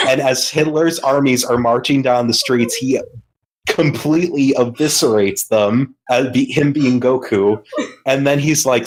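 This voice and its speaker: A man's voice: mid-range voice, very animated, measured pace, rough recording. A man co-hosting a podcast, telling a long story in casual chat with lots of fillers and swearing. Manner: rambling storyteller, heavy swearing, many fillers. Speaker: podcast co-host.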